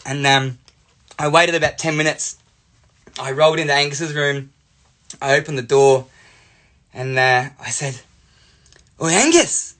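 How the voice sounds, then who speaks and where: A young Australian man, a life coach, telling a playful childhood story in an animated way. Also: medium pitch, a little slow, pauses often. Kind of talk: storytelling monologue.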